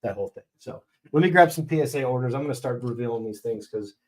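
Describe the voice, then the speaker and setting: A man's voice: mid-range voice, lively intonation, fast talker, a little hiss or hum. Blunt, ranting man hosting a live stream. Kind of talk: casual live-stream chat.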